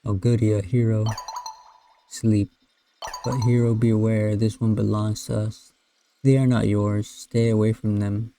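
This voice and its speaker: A man's voice: on the low side, flat delivery, measured pace, mellow. A man reading out a chat log as a sinister, possessive male entity who speaks of himself as "we", in a teasing, menacing way.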